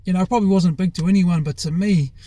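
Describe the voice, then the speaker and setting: A young man with a New Zealand accent tells his own story frankly and casually, full of fillers and the odd swear word. His voice sits a little high but sounds mellow. The recording is close and dry, with no room sound. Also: fast talker, no room sound. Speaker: former rugby player. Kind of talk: candid personal storytelling.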